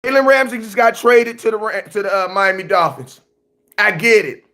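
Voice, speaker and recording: A man hosting a livestream, ranting emotionally about football news and shouting out viewers by name, often breaking into yelling. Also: high voice, normal speed.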